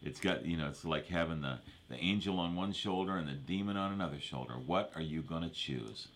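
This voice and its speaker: Low-voiced male pastor, chatty sermon delivery, checks in with listeners. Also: a little fast, a bit bright, a little hiss or hum. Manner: repeats verses, asks for amens, conversational preaching.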